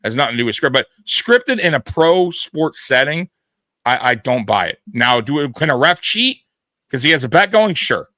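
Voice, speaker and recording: A man hosting a casual sports talk show, profane and quick to laugh. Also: medium pitch, very animated, sharp tone, no room sound. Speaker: podcast host.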